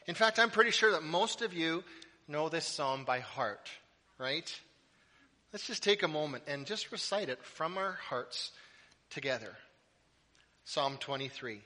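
A middle-aged man delivering a sermon with a high, bright and forceful voice. He tells stories in a lively way and makes playful asides. His voice carries a long reverb through a church hall. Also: unhurried. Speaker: pastor. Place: church sanctuary.

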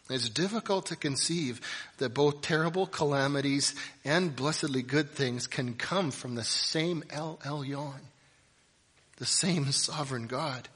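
A man's voice: mid-range voice, breathy edge. Man preaching in a reverberant hall. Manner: impassioned preaching that swings between loud emphasis and quiet reflection. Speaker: pastor. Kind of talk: sermon.

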